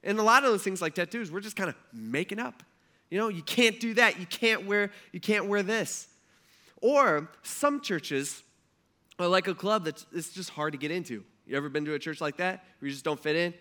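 A man preaching a sermon, telling stories from his own life in a conversational, animated way. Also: sits high, normal speed. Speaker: pastor.

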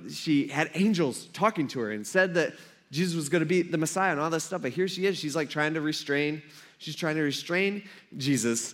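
A pastor delivers a sermon in an easy, conversational way, slipping into quick acted-out lines and asides to his listeners. His voice sits a little higher than most men's. The manner is casual and lively. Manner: casual, animated, acts out quotes with asides.

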